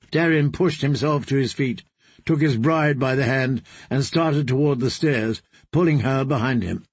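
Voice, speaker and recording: Guy narrating an audiobook, husky, bit high, dry close mic. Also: normal speed, no room sound. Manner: steady storytelling. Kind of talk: scripted narration.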